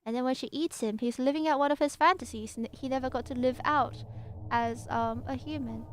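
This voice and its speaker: A woman chats on a casual livestream in a high, light voice. She rambles playfully from one silly aside to the next. A faint hiss sits under the recording. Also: a little fast. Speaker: VTuber streamer. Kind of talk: casual livestream chat between reading passages. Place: home streaming setup at a PC.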